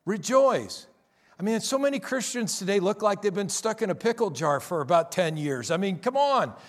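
Emphatic high-voiced preaching pastor. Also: male voice, lively intonation. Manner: emphatic, repetitive preaching with drawn-out stressed words; drops to quiet, weary tones mocking tired believers. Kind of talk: sermon.

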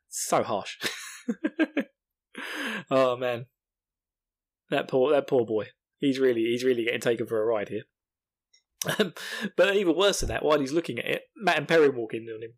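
A man recapping a book chapter in casual talk, rambling and swearing freely. His voice sits at an everyday middle pitch and breaks into laughter often. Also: normal speed, long pauses, breathy edge. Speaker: podcast host.

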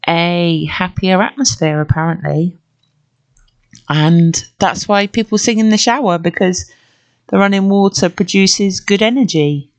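A middle-aged British woman hosting a casual solo podcast, talking in a gentle, rambling way with many fillers. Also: fairly low pitch. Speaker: podcast host.

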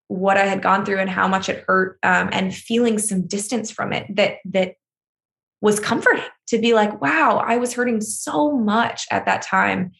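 A woman's voice: mid-range voice, creaky, fairly bright tone. A woman author being interviewed, talking openly and often laughing as she speaks. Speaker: author and guest. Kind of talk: emotional conversational interview.

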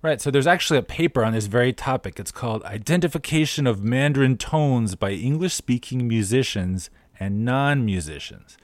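A man co-hosting a podcast, explaining things clearly with a dry sense of humor. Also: mid-range voice, expressive, normal speed, few pauses, no echo. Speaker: podcast co-host. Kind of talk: casual podcast chat.

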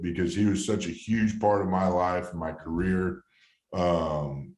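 A man's voice: low-pitched, roomy sound. A man in his thirties, a former ballplayer, telling a story from his career in a rambling, heartfelt way with many restarts. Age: 30s. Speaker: former baseball player, guest. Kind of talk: casual storytelling interview.

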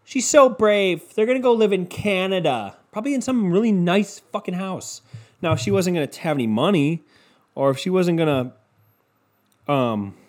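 A man's voice: sits high, lively intonation, normal speed, darkish tone. A young man from the United States ranting casually, sarcastic and profane, mocking his topic.

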